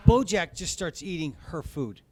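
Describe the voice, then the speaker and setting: Male stand-up comic, higher voice, profane and chatty, comedy club set. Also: big pitch swings, normal speed, dark tone. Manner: profane, conversational, rambling.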